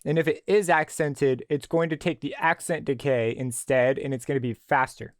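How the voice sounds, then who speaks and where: Man explaining a synth plugin, crisp. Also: medium pitch, moderate pace, dry recording, clean studio sound. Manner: relaxed explanatory, thinking aloud with fillers. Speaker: music production tutor. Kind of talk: screen-recorded software tutorial.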